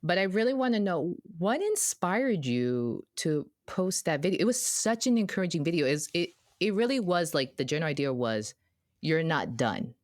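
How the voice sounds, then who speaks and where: A young woman hosts a casual podcast chat with a low voice that swings widely as she tells stories. The sound is dry and close, with no room around it. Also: normal speed, no echo. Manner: animated storyteller, chatty. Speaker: podcast host.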